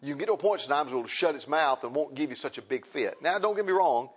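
A man preaching a sermon in a folksy, impassioned way. He repeats phrases and swings between loud and soft. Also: fairly high pitch, expressive, fast, slightly rough, highs cut off.

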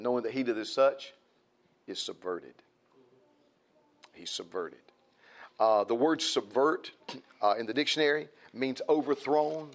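Folksy preacher man. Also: mid-range voice. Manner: folksy, repetitive, building emphasis. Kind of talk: sermon.

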